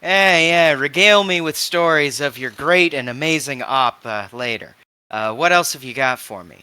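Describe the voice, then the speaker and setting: A man voicing a crude, gruff male fixer who haggles over deals in a tabletop game. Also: on the high side, moderate pace, bright, forceful tone. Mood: sly.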